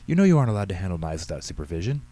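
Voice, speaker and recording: A man voicing an exasperated young mother who scolds her son, with a sharp, impatient manner. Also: low voice, sing-song, racing. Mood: scolding. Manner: snappy, scolding.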